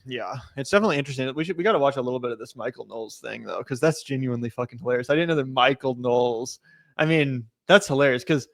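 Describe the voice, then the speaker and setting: Male co-host, rapid talk, dry close sound, profane rambling reactions. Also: mid-range voice, creaky, fairly bright tone, no echo. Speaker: podcast co-host. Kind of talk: casual reaction chat. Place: studio in a city neighborhood.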